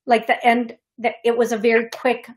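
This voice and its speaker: A woman with a high voice hosts a psychic medium radio show from a studio. She talks in a chatty, emotional way, with frequent fillers and restarts. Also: completely flat delivery, moderate pace. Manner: chatty, emotional, warm-hearted, uses fillers. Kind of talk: call-in reading on radio.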